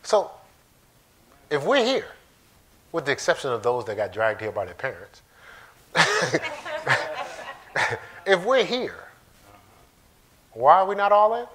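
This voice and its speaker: Lively joking man preaching a casual sermon. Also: on the high side, takes it slowly, long pauses. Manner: animated, joking, talks straight to the congregation. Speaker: pastor. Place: church sanctuary.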